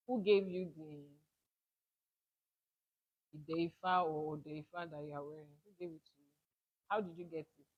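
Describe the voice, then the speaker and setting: Emphatic woman teaching a spiritual class. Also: fairly low pitch. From Nigeria. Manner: emphatic, repeats key points, asks rhetorical questions. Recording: dull lo-fi audio.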